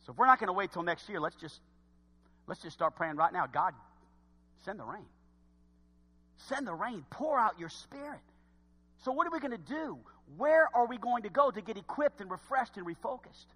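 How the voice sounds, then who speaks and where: A man preaching a sermon to his congregation, folksy and direct, swinging from hushed asides to shouts. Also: very high voice. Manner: folksy, talks straight to the congregation. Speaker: pastor. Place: church sanctuary. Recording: long hall reverb.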